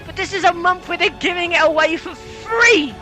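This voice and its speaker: High, bright-voiced British man ranting. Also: normal speed, faint music behind, rough recording. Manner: swearing, exasperated, bursts into shouting. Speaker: host. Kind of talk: comedic rant.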